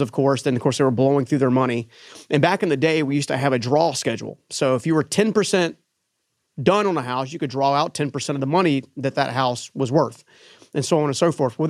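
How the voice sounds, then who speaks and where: A man telling his own story in an interview, animated, acting out the voices of the people in it. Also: fairly high pitch, no echo, clean studio sound. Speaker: business owner guest.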